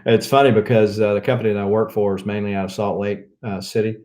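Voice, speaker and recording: A man's voice: lowish voice, level tone, darkish tone. A man with a Southern US accent, chatting casually in a rambling way while he shows off a haul of comic books. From Mississippi. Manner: rambling, chuckling, drawn-out fillers. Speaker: comic book channel host.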